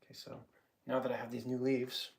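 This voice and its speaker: A man's voice: mid-range voice, monotone, a little fast, creaky. A man casually talking to his live-stream viewers while painting, rambling to himself and getting heated when he rants. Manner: rambling, talks to himself and chat while working; gets heated and louder when ranting.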